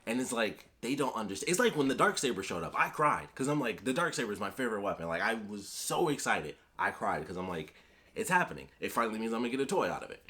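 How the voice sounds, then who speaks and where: A man talking casually and excitedly as a video reviewer, rambling and trailing off, with the odd swear word. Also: fairly low pitch, fast. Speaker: YouTube reviewer.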